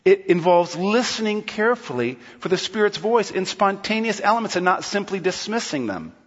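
Animated, husky-voiced male pastor preaching. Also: sits high, moderate pace. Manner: lively, playful, acts out quotes. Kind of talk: sermon. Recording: long hall reverb, dull sound.

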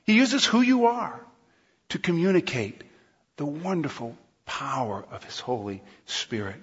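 A male pastor preaching a sermon in a large church hall, lively and playful, often acting out quotes. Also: sits high, measured pace, slightly rough. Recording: long hall reverb, dull sound.

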